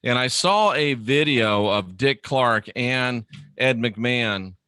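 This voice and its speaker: A man's voice: medium pitch, slow pace, bright, forceful tone, clear, resonant tone, no room sound, clean studio sound. A man hosting a casual livestream, musing aloud and reading viewer comments. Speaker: livestream host.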